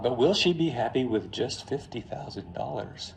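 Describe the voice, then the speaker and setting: A man lecturing on finance in a classroom, telling a story in a lively, joking way straight to his students. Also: mid-range voice, normal speed, gravelly. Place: classroom before a live audience.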